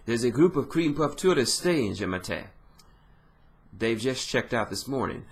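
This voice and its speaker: Man putting on a fussy chef, thick French accent, theatrical, a bit higher. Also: lively intonation, moderate pace, close to an everyday voice. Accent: put-on French. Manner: exaggerated, theatrical.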